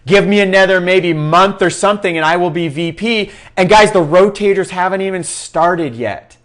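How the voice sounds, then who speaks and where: A man's voice: high-pitched, normal speed, fairly bright tone. A young man giving a passionate, preachy recruiting talk to his sales team. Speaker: team leader in a sales network. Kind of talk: fervent recruiting pitch.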